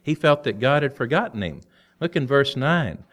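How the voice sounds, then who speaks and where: A man preaching a sermon in a folksy, storytelling way, with quick humorous asides. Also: medium pitch, expressive, a bit bright.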